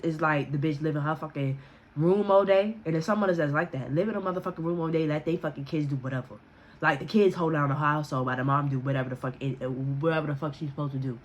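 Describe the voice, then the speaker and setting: A woman vlogger telling a story in casual storytime style, profane and animated, acting out what others said. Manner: animated, profane, quotes people with raised pitch.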